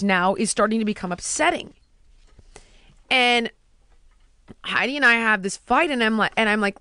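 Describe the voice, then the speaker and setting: A woman's voice: a little high, expressive, moderate pace, a bit bright, no echo. A woman, telling stories in a casual chat and mimicking the voices of other people.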